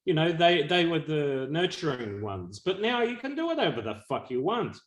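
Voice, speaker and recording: A man co-hosts a casual podcast, rambling crudely with plenty of swearing. His voice sits on the higher side for a man. The sound is roomy and echoey. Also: sing-song, moderate pace. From Australia. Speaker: podcast co-host. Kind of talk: casual chat. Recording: echoey room.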